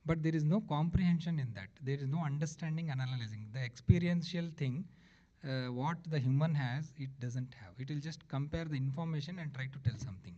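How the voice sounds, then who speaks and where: A man's voice: a little high, a little fast, mellow, lo-fi sound. A man presenting at a medical education session, addressing listeners as sir. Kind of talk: presentation talk.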